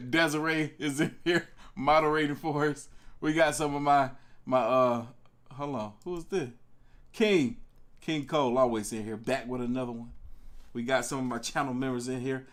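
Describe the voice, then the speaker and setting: Animated young man greeting stream viewers. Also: normal speed. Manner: animated, greets viewers by name, pitch jumps on excited words. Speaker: live-stream reaction host. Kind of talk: casual live-stream chat.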